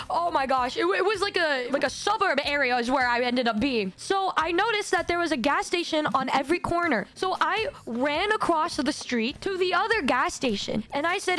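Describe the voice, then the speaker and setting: A woman streamer telling a comic story in an animated, dramatic way, with sudden leaps in pitch. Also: fairly quick. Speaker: VTuber streamer.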